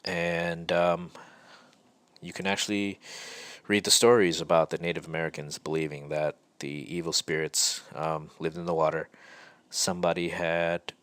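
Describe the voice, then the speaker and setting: A man's voice: sits low, flat delivery, normal speed, a bit bright, dry recording. A middle-aged man hosting a podcast, telling a personal story in a reflective, hesitant way with many fillers and restarts. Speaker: podcast host. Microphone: podcast mic.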